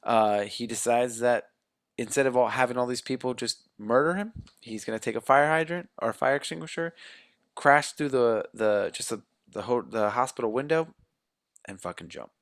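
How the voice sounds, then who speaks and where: A man's voice: mid-range voice, moderate pace, no room sound, clean studio sound. Rambling, profane male podcast host. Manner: rambling, profane, searches for words. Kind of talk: casual movie review chat.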